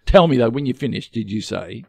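A gravelly-voiced Australian man rambles through a self-deprecating story, voice rising and falling a lot as he goes. He's recorded close and dry, with no room around him. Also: medium pitch, expressive, a little fast, darkish tone, no echo. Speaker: podcast co-host. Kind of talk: casual comedic chat.

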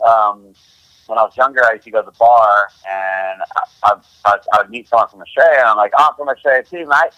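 A man's voice: lowish voice, steady tone, a little fast, bright, forceful tone, no room sound, dull audio. A man talking as a podcast guest in a loose, rambling way, full of restarts and "you know". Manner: rambling, heavy on fillers and restarts. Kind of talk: casual interview chat.

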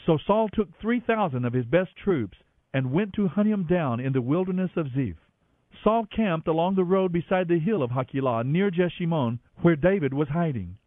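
A man with a fairly high voice reads scripture in a steady, measured way. His voice comes through a narrow, phone-like radio line that sounds dry and close. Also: dry recording. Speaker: Bible reader on radio. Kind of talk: scripture reading.

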